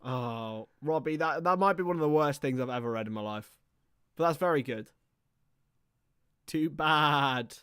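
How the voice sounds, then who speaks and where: A man's voice: fairly high pitch, unhurried, long pauses, fairly bright tone, clean tone, no echo, clean studio sound. A young man hosting a live football watchalong, chatting casually and teasing his co-host. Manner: banterful, teasing, explains league rules.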